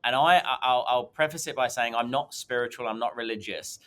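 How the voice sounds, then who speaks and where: A man's voice: medium pitch, a little fast, a bit bright, smooth. A man, a podcast guest, telling a long personal story in a rambling way, with many ums and restarts. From England. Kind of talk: conversational storytelling.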